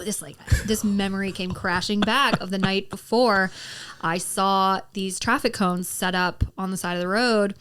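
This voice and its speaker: A pregnant woman in her thirties co-hosting a casual podcast, telling stories in a relaxed, wry, chatty way. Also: mid-range voice, a little fast, clear, resonant tone. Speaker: podcast co-host. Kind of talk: casual chat.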